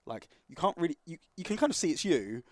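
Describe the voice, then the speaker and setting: Fast-talking man in casual chat. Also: a little high, sing-song, dry recording. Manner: quick, filler-heavy, leading questions. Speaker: podcast co-host, wrestling booker.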